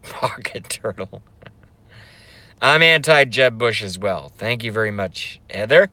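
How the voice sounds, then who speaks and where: A man's voice: fairly low pitch, expressive, slow pace, bright, forceful tone. A man doing a comedic, profane live stream rant, keeps breaking into laughing fits. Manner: profane, sarcastic.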